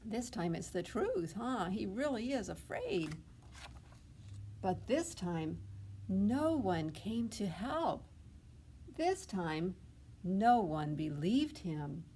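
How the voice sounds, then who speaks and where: A woman's voice: medium pitch, very animated, slow, warm tone, a little hiss or hum. A woman reading a picture book aloud at a library storytime, asking the children questions and adding coaxing "huh?" tags.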